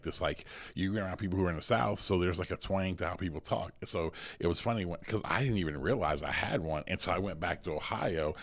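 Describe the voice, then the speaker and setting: An American man who is a pastor and podcast host, telling stories in an energetic, conversational way with many restarts. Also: deep voice. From United States.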